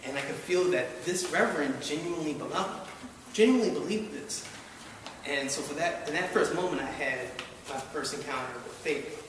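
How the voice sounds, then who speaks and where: In a live event hall, a Baltimore man with a fairly high voice and moderate pace tells a wry personal story at his own expense, drawing laughs from the audience. A distant mic gives the recording an echoey, noisy quality.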